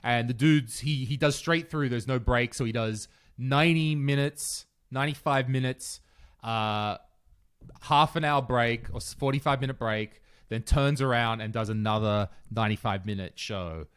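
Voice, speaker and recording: A man co-hosting a podcast, telling lively stories in a casual chat and swearing freely. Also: mid-range voice, normal speed, smooth. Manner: animated storyteller, swears casually. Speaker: podcast co-host.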